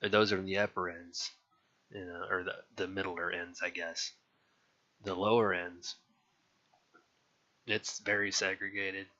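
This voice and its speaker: Speaking at a measured pace and pausing often, a young Californian interviewee recalls his childhood candidly and casually, restarting frequently and swearing at times. His voice is deep, level and sharp, and the audio sounds dull and lo-fi.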